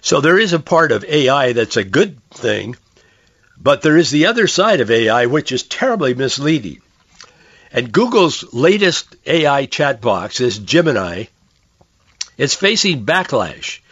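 Hoarse male radio host, earnest conversational monologue, dry and muffled recording. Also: medium pitch, very animated, measured pace, a bit bright, dry recording. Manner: conversational, earnest, with frequent restarts. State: hoarse, losing his voice. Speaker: radio talk show host. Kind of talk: political and religious commentary monologue.

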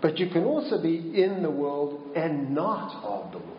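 Slow-speaking male preacher in an echoey hall. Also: on the high side, big pitch swings, highs cut off, background noise. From Minnesota. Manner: slow and deliberate, with rhetorical questions. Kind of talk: sermon.

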